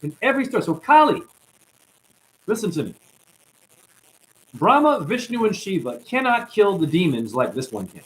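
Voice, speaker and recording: Fired-up guy preaching spiritual stuff, rants at viewers and calls them honey, voice jumps all over, kinda high. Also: very animated, moderate pace, long pauses, low-quality recording. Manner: ranting, calls listeners honey. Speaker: self-styled spiritual teacher. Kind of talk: impassioned spiritual monologue.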